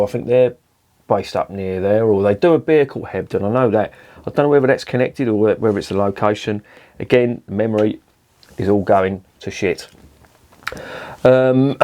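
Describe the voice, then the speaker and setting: A man's voice: on the low side, darkish tone. A man reviewing beer in a casual, rambling, sweary and jokey vlog. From southern England.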